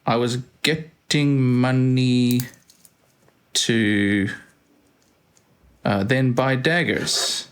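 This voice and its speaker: A man's voice: mid-range voice, steady tone, extremely slow, long pauses, clean tone. A man hosting a let's play, thinking aloud and reading out game commands with dry asides. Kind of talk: casual gameplay commentary.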